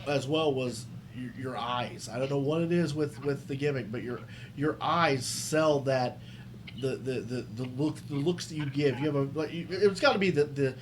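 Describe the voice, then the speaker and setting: A man's voice: mid-range voice, moderate pace, noisy background. A man hosting a podcast, chatting casually and reacting with enthusiasm and easy laughter. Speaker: podcast host. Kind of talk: casual interview chat.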